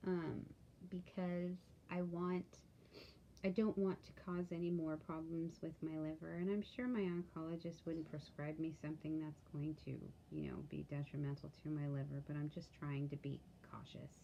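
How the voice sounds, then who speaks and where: Tired woman vlogging, halting and candid. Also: low voice, level tone, creaky, warm tone, highs cut off, a little hiss or hum. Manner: halting, many fillers, candid. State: tired, yawning. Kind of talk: casual video diary.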